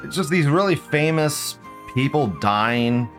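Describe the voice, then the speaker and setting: A man's voice: a little high, expressive, takes it slowly, a bit bright, soft background music. A man in his thirties hosting a casual live commentary show. He swears a lot, laughs often, and drags out mocking words. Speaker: livestream show host.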